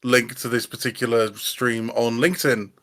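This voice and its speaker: A British man co-hosting a live-streamed chat, joking and tripping over quick restarts. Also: mid-range voice, little pitch movement, fairly bright tone. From Britain. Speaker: podcast co-host.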